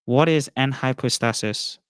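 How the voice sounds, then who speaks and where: A man argues in an online debate with an assertive, lecturing tone. His voice is smooth and resonant, and it sounds dry and close on the mic. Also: medium pitch, unhurried, no room sound. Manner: assertive, lecturing, presses questions.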